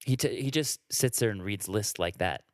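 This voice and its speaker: A man's voice: lowish voice, lively intonation, normal speed, no echo, clean studio sound. A man, a comedian, joking around in a casual podcast conversation. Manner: jokey, plays with voices and sings comic songs. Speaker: comedian guest.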